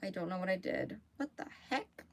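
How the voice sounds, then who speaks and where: A woman's voice: lowish voice, lively intonation, fairly quick, vocal fry. A young woman with a Southern US accent chatting casually on a crochet livestream, reading out viewer comments and laughing easily. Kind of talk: casual live chat.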